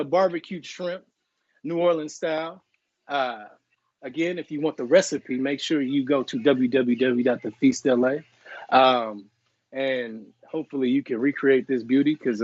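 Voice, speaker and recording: A man chef talks loosely and cheerfully through a live cooking stream. He drops fillers, tastes the food on air and jokes to viewers as he goes. The sound is dry and a little muffled, like low-grade live stream audio. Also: dry recording. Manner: relaxed, chatty, tasting and chewing on air with playful apologies. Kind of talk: casual live cooking chat.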